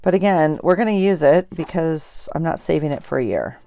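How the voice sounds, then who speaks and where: A woman's voice: sits low, lively intonation, fairly quick, mellow, dry recording. A woman vlogger chatting casually at her craft desk, thinking aloud as she journals and opens mail. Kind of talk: casual chat while journaling.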